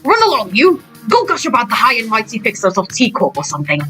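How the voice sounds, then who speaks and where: A woman voicing a brash, scornful young man with a put-on British accent, her tone dropped lower and curt. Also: wildly swooping pitch, quick pace, pushed and bright, soft background music, heavily acted. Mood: dismissive.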